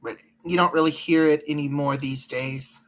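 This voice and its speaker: A woman's voice: deep voice, steady tone, normal speed. A woman chatting casually on a live stream while doing her makeup, rambling and greeting viewers by name.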